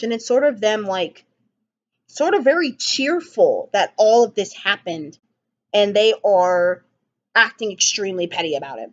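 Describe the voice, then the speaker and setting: A woman's voice: mid-range voice, animated, measured pace, lo-fi sound. A woman giving a casual spoken album review, enthusiastic and rambling, with frequent ums and restarts.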